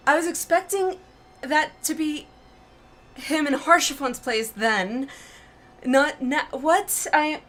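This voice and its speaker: A young adult woman streaming a game, reacting out loud and talking herself through tense moments. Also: high-pitched, slow. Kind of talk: emotional let's-play reaction.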